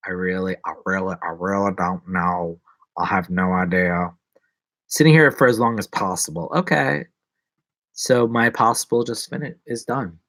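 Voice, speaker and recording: A man chatting casually and rambling playfully on a solo livestream. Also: fairly bright tone. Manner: rambling, playful, drops to whispers and jumps to squeaky voices. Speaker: livestreaming vlogger.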